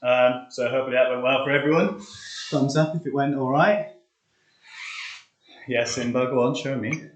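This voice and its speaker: A man's voice: mid-range voice, steady tone, moderate pace, pauses often, lo-fi sound, a little hiss or hum. Breathless man leading push-ups. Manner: chatty, upbeat, counts reps aloud. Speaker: fitness coach leading a live workout. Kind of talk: casual live-stream workout instruction. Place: hot flat, indoors. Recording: echoey room.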